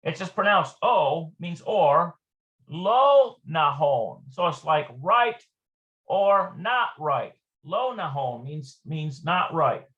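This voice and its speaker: Brief: high-pitched male teacher, informal lesson, thinks aloud, muffled lo-fi audio. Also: animated, slow pace, pushed and bright. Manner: thinks aloud while explaining. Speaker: Hebrew teacher. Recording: dull lo-fi recording.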